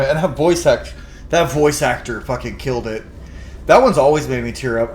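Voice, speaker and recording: A man's voice: medium pitch, animated, normal speed, a little hiss or hum. A man giving casual gameplay commentary, candid and emotional, swearing freely. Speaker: let's play host.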